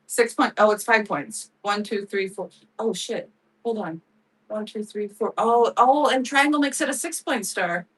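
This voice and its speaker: The host of a live craft sale speaks in an unhurried medium-pitched voice with a breathy edge. She chats casually, laughs often, and thanks viewers by name, though the low-quality recording puts her far from the mic.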